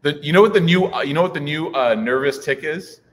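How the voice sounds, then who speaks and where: Man, 30s, preacher, humorous talk, joking asides, fairly high pitch, reverberant hall. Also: brisk. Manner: chatty, joking asides, many likes and you knows. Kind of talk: humorous religious talk to an audience.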